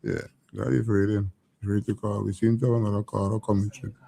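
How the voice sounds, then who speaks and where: A man's voice: lowish voice, little pitch movement, fast, gravelly, dark tone. A man with a Vincentian accent hosting a radio call-in show, chatting casually with callers and laughing easily.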